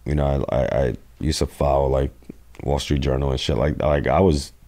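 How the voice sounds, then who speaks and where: Man, very deep voice, young adult, from New York City, profane animated storytelling. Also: brisk. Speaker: podcast guest. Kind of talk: casual storytelling interview.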